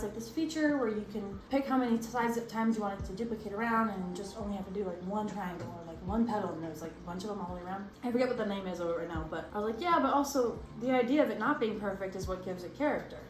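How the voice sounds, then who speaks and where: A young woman chatting casually while doing a craft project, bubbly and excitable, gasping and squealing as she goes. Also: medium pitch, fast, few pauses. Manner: vocal tics. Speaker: crafting vlogger. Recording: echoey room with faint background noise.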